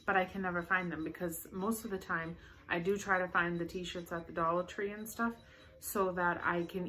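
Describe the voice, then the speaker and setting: A woman's voice: medium pitch, pushed and bright. A young woman chatting casually through a shopping haul, bubbly and rambling with enthusiasm. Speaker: vlogger showing a shopping haul.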